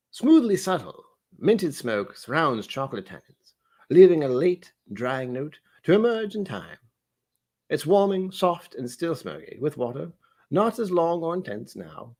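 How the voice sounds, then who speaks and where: A man doing a pompous, posh English butler-like voice, reading with plummy, measured theatrical delivery. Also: on the high side, exaggerated voice.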